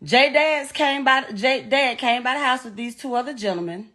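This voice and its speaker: Her voice sits high, pushed and bright, at a moderate pace. A middle-aged Southern US woman interviewed as the mother of the deceased, she recounts her loss in raw, profane and distressed language.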